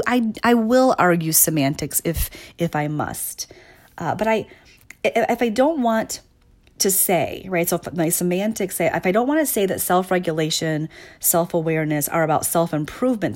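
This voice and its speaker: A woman with a somewhat low-pitched voice talks through ideas about emotional awareness. Her delivery is conversational and searching, full of restarts and soft laughs, and she keeps checking in with listeners. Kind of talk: reflective talk to listeners.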